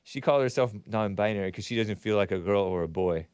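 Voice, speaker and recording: A man's voice: lowish voice, fast talker, darkish tone, smooth, no room sound, clean studio sound. A male show host giving rambling, sarcastic commentary, chuckling between remarks as he reads from a chat.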